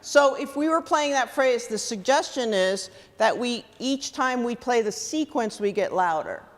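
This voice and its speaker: Woman band clinician, slightly high voice, keeps asking the kids questions, long echoey theatre sound. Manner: lively, questioning, encouraging. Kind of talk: rehearsal coaching. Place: large theatre stage. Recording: long hall reverb.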